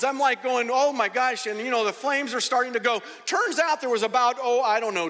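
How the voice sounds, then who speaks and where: A middle-aged man preaching, telling a story with animated, dramatic energy. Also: high voice. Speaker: pastor. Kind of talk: sermon storytelling. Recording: long reverb of a large hall.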